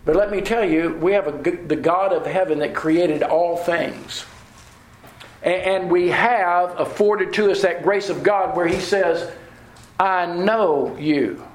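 A man with a high voice delivers a sermon. He is earnest, slows right down on quoted verses and repeats key phrases for emphasis. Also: steady tone, rough recording. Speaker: preacher.

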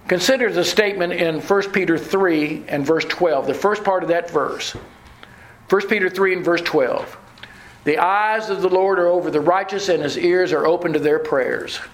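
Man, high-pitched, preacher, sermon, earnest, slow emphatic repetition. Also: low-quality recording. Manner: earnest, slows and stresses quoted scripture; repeats phrases for emphasis.

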